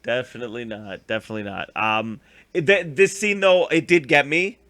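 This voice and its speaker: A man's voice: mid-range voice, steady tone, normal speed, sharp tone. A young man co-hosting a casual recap chat, rambling with lots of fillers and acting out scenes. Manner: rambling, filler-heavy, acts out scenes in funny voices. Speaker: podcast co-host.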